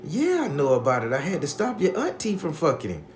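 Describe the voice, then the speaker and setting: A man voicing his elderly grandmother as a frank, gossipy, scolding old woman, his voice lifted higher. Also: wildly swooping pitch, fairly quick, a little mellow, echoey room, slight background noise. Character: blunt, knowing elderly grandmother.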